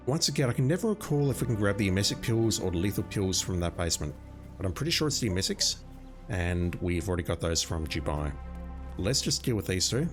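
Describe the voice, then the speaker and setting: A man with an Australian accent chatting casually with his viewers while playing a game, self-deprecating and talkative. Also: sits low. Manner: chatty, self-deprecating, talks to chat by name. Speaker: streamer. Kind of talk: casual gameplay commentary.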